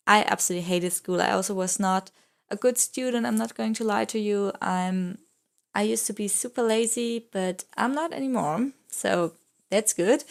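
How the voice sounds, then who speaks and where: A young woman talks through a casual voice-over at a middle pitch, with a gravelly, vocal-fry edge to her voice. She rambles and laughs easily, filling her talk with "like" and "I don't know". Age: young adult. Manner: giggly, excitable. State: throat a bit rough. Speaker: YouTuber.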